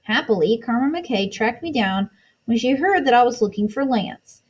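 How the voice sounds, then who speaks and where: A woman's voice: a little high, lively intonation, normal speed, husky. A woman reading an author's note aloud in a plain, matter-of-fact way.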